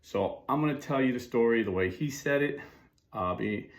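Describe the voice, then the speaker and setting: A man's voice: medium pitch, normal speed. A middle-aged man giving a casual monologue as a Catholic commentator, chatty with fillers and asides.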